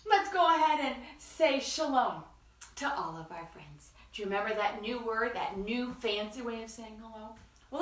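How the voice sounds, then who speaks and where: A woman's voice: fairly high pitch, recorded from a distance, a little hiss or hum. Sing-song woman hosting children's story time. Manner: animated, sing-song, leads call-and-response. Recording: echoey room, voice away from mic.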